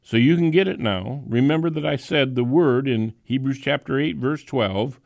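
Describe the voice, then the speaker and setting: A man preaching a sermon, reading scripture slowly and emphatically, with some fillers and restarts. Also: mid-range voice, vocal fry, a little mellow, dry recording, dull audio. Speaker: preacher and Bible teacher.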